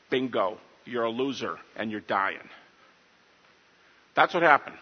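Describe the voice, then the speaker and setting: A man giving an emphatic, animated lecture on scripture to a live audience and asking them questions, recorded as dull audio in a large hall. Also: mid-range voice, a little slow, long pauses, slightly rough.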